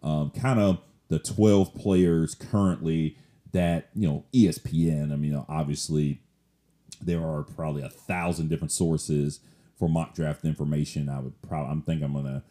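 A man's voice: rumbling low, fairly even intonation, normal speed, warm tone. A man hosting a solo sports podcast, talking in a casual, rambling way with lots of fillers.

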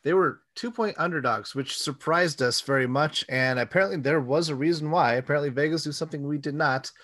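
A man's voice: a little high, brisk, fairly bright tone. A man co-hosting a casual sports podcast, laid-back and agreeable, his voice dropping to a mutter when he concedes a point. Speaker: podcast co-host.

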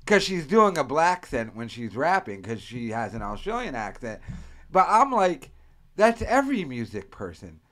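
A man's voice: mid-range voice, big pitch swings, moderate pace, a bit bright. A man from the United States hosting a casual podcast, rambling and profane, often slipping into mock accents as he riffs. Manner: profane, rambling, mimics accents mid-story. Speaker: podcast host. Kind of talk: casual crude podcast banter.

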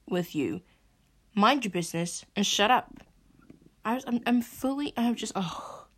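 A woman's voice: fairly low pitch, a little mellow. Exasperated young woman ranting. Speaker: podcast host. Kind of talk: venting monologue.

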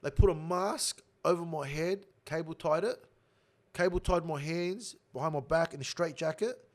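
A young Australian man telling a rough prison story in casual slang, swearing constantly. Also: a little high, moderate pace. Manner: swears heavily, animated slang-filled storytelling.

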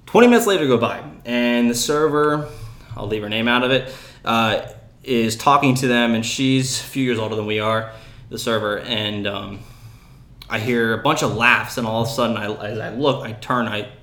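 A man in his early twenties telling a story in casual chat as a podcast host, animated and laughing as he acts out what people said. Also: medium pitch, normal speed. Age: 20s.

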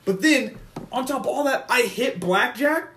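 A man's voice: very high-pitched, lively intonation, moderate pace, a bit bright, a little hiss or hum. A young man telling a story in casual chat, laughing and swearing freely. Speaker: podcast co-host. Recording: roomy echo.

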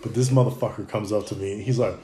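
A man in his thirties hosting a podcast, telling profane, animated stories to friends in his kitchen. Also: fairly low pitch, fast. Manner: profane, animated storyteller who laughs a lot. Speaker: podcast host. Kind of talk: casual storytelling among friends. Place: home kitchen.

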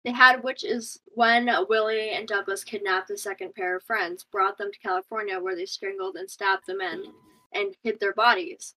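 A woman's voice: mid-range voice, steady tone, moderate pace, bright, forceful tone, low-quality recording. A young woman reading out a true crime case in a casual chat, stumbling over names and laughing at herself. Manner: stumbles over names and words, giggly asides.

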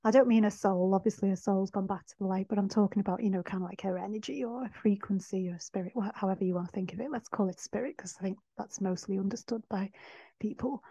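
A woman hosting a podcast, talking in a heartfelt, soft-spoken way and laughing often. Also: mid-range voice, steady tone, fast talker, vocal fry, dry recording. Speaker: podcast host. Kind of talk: reflective spiritual monologue. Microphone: no microphone. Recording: dull dry sound, no microphone.

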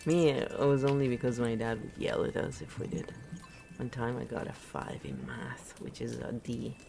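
A woman's voice: rumbling low, very animated, normal speed, vocal fry, music in the background. A woman from Italy giving a casual, rambling spiritual talk, often laughing at her own jokes. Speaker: podcast host.

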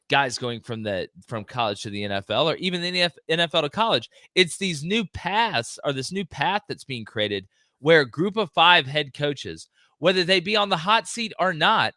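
Opinionated man with a bright, dry voice. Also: a little high, sing-song, moderate pace, no echo. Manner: opinionated, mocks others in exaggerated voices. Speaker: guest commentator. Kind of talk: casual sports talk.

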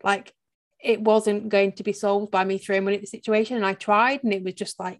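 A woman hosting a podcast, speaking in a reflective, soft way in casual chat, often trailing off quietly. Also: medium pitch, level tone, a little fast. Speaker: podcast host and burnout coach.

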